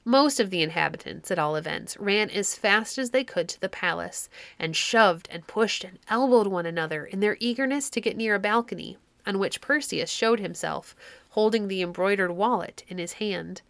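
A woman narrating a classic storybook in a measured, expressive reading. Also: medium pitch, gravelly, no room sound. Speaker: audiobook narrator.

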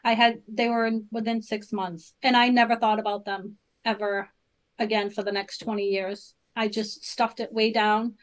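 A woman's voice: mid-range voice, level tone, normal speed, low-quality recording. A middle-aged woman, telling her personal faith story as a podcast guest, earnest and full of fillers. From Boston area. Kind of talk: personal testimony in casual interview.

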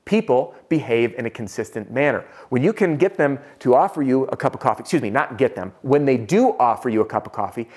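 A man teaching sales, telling a self-deprecating story in an animated, conversational way. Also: mid-range voice, a little fast, hardly any pauses, breathy edge. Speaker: sales trainer.

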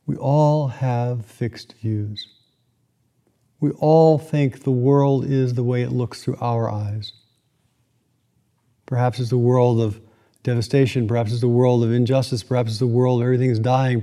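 Man, sermon storytelling, reflective, dramatic pauses, very mellow dark voice. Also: mid-range voice, fairly even intonation.

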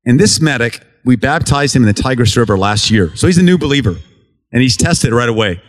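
Speaking fairly quickly with lively intonation, an earnest man from the United States recounts his relief work to a church congregation as a mission report. His mid-pitched voice carries a plain, conversational testimony style, and he acts out dialogue by taking on the voices of the people in his stories.

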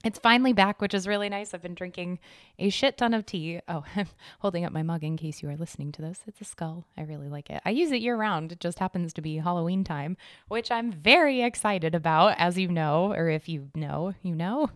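Lowish slightly hoarse woman rambling on her podcast, upbeat, dry close mic at home. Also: a little fast, dry recording. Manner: chipper, rambling, laughs often. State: hoarse, recovering from lost voice. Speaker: podcast host. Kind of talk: casual chat. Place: home room decorated for Halloween. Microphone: desk mic.

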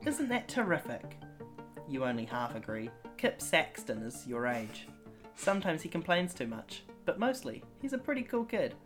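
A podcast host chatting casually and reading a gamebook aloud with playful, animated delivery. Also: medium pitch, moderate pace, over music.

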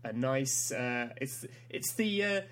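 A man's voice: medium pitch, lively intonation, takes it slowly, fairly bright tone. A man co-hosting a podcast in casual banter, laid-back and hesitant, laughing often. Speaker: podcast co-host.

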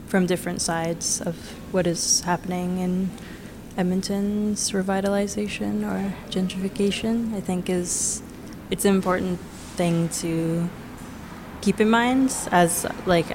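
A woman's voice: on the low side, level tone, a little slow. A woman who works with youth, speaking hesitantly with fillers in a casual interview. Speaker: youth worker guest. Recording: noisy recording.

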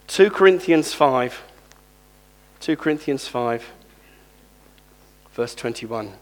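A male preacher giving a sermon, reading scripture aloud and lively calling on the congregation to respond. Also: medium pitch, slow pace.

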